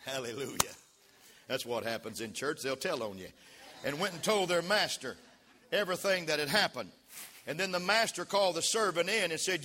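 A man preaching a sermon as pastor, leading the congregation in call-and-response and rising to shouts. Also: on the high side, expressive, brisk. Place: church sanctuary. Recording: long reverb of a church hall.

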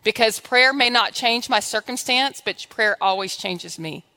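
A woman preacher delivers a sermon, telling a personal story with lively acted-out dialogue. Her voice is fairly high and very bright. It rings with long reverb through a church sanctuary. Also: a little slow. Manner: animated storytelling, acts out dialogue with God.

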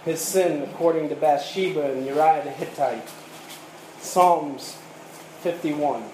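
High-voiced preacher in an echoey room. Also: male voice, slow, a little mellow. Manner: retells scripture in plain storytelling, reads old verses aloud. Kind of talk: sermon. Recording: echoey room with faint ambient noise.

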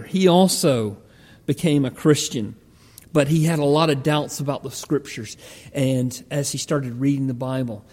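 Slow, mellow preacher in a hall. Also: male voice, medium pitch. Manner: halting, many ums and uhs. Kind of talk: sermon storytelling. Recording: long hall reverb.

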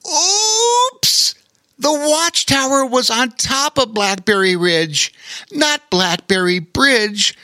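A man's voice: extremely high pitch, big pitch swings, takes it slowly, pushed and bright, dry recording, clean studio sound, voice pushed up, exaggerated voice. A man voicing a small, timid male otter in a children's story, nervous and stammering. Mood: flustered. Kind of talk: storybook character voice.

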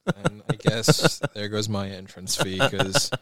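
A man's voice: lowish voice, lively intonation, measured pace, a bit bright. A young man co-hosting a podcast, exasperated and swearing in casual banter. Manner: exasperated, profane. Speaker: podcast co-host.

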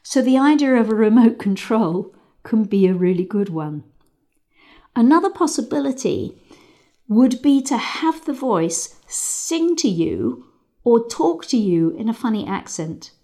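Calm woman guiding a riding lesson. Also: on the high side. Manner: calm, measured, guiding with frequent pauses. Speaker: riding instructor. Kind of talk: guided visualisation lesson.

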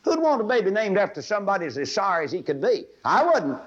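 A man's voice: high-pitched, sing-song, fast, few pauses, husky. A man preaching a fervent, folksy sermon to a live audience, swelling into emphatic pleading. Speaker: radio preacher. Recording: dull lo-fi old radio broadcast.

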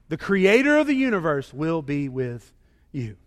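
A man preaching a sermon as pastor, moving from quiet scripture reading to loud, emphatic repetition with his congregation. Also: extremely high pitch, sing-song, moderate pace. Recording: long hall reverb.

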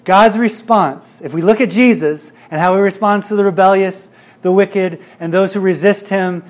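A male pastor preaching a sermon in an earnest way, repeating phrases for emphasis. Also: high-pitched.

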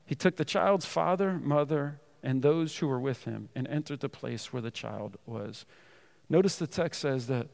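Gravelly-voiced man preaching a sermon. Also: medium pitch. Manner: earnest preaching, reading scripture loudly then dropping to soft tender tones. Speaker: pastor.

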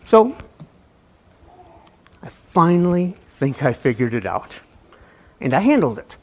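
A man's voice: fairly high pitch, sing-song, slow, darkish tone. A male pastor giving a casual, conversational sermon to a small church, often stumbling on and repeating his words. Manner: conversational, self-deprecating, repeats words when starting sentences.

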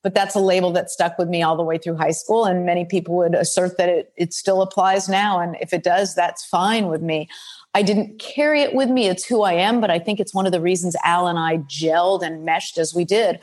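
A woman's voice: on the low side, fairly even intonation, a little fast, darkish tone. An older woman speaking bluntly and frankly as an interview guest, recounting her career in a forthright storytelling manner. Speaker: guest, former football executive. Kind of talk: interview conversation.

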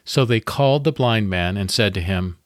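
A man hosting a devotional podcast, reading a guided Bible meditation in a calm, measured way with pauses. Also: on the low side, dry recording, studio quality.

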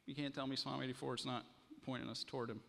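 Male pastor, mid-pitched voice, dramatic storyteller, long echo in the church hall. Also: little pitch movement, quick pace, gravelly, a bit bright. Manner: dramatic storytelling, then earnest preaching. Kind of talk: sermon.

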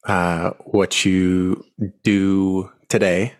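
A man hosting a podcast interview, asking measured questions. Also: deep voice, level tone. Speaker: podcast host.

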